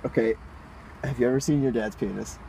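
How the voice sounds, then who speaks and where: A young man co-hosting a podcast in casual chat, jokey, with quick interjections and questions. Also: medium pitch, creaky, mellow, a little hiss or hum, low-quality recording. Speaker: podcast co-host.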